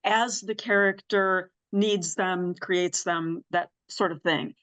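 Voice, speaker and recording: In a relaxed interview chat, a woman podcast host poses questions and keeps affirming her guest, a warm listener with frequent mm-hmms. Her pitch is fairly low, her tone steady, and she takes her time.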